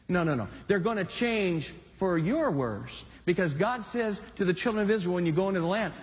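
A male pastor delivers a sermon with lively, swooping delivery, his voice sitting high for a man. He talks to the congregation casually, then drops low for emphasis. A long reverb trails every phrase. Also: brisk, few pauses. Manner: animated, conversational preaching with dramatic swings.

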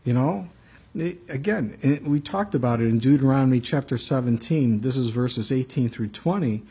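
A pastor preaching a conversational sermon, reading scripture and telling stories with frequent asides to the congregation. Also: male voice, mid-range voice, moderate pace, warm tone, breathy edge.

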